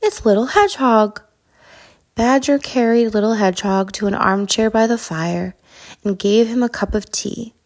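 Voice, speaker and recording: A woman reads a children's picture book aloud in a calm, soothing storytelling manner. Her mid-pitched voice carries a noticeable gravelly fry. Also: normal speed.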